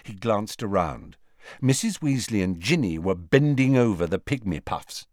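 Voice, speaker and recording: Male audiobook reader, lowish voice, very animated melody, bone-dry booth. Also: normal speed, no echo. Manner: expressive storytelling. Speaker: audiobook narrator. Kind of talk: scripted narration.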